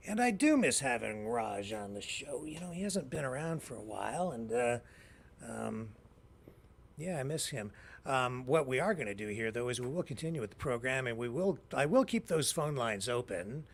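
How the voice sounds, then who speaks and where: Male call-in show host; easygoing, conversational, steady mid voice. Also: medium pitch, moderate pace, creaky. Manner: relaxed, chatty, reads out phone number. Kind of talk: live call-in show hosting.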